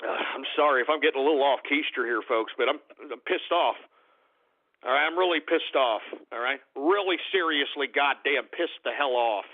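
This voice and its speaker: A man's voice: mid-range voice, moderate pace. A man hosting a call-in radio show, ranting angrily and cursing at his listeners. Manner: ranting, profane, shouting insults at trolls. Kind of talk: angry call-in radio rant. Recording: tinny phone-quality radio recording.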